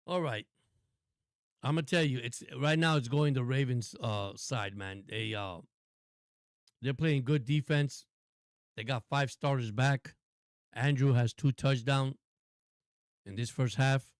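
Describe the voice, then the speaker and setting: A man's voice: mid-range voice, clean tone, no echo, clean studio sound. Chatty man calling football live. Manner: chatty, laughs often, talks to viewers. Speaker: sports stream host. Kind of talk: casual live play-by-play commentary.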